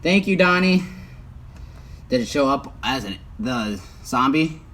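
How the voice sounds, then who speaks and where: A man's voice: mid-range voice, animated, a little slow, a bit bright. Chatty young man streaming outdoors. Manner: chatty, talks while working, often mutters. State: hot and sweating. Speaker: livestreaming YouTuber. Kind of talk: casual how-to livestream. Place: outdoors, working on a truck. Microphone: phone. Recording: faint outdoor noise.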